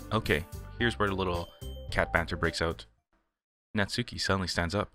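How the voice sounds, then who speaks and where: A man's voice: sits low, steady tone, normal speed. Jittery male game commentator. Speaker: gaming commentator. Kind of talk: let's play commentary. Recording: game music behind.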